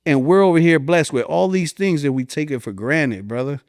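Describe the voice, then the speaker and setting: A man's voice: fairly quick, a little mellow, no echo, studio quality. A man in his forties from New Jersey with a New Jersey accent, a hip-hop artist talking in a heartfelt, rambling way as a podcast guest. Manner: heartfelt, rambling, voice rises high when recalling. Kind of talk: emotional interview talk.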